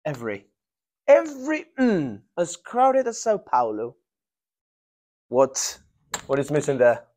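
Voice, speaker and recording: A man's voice: medium pitch, sing-song, a little mellow. Man teaching an English grammar class. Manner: drawn-out emphatic prompting of students.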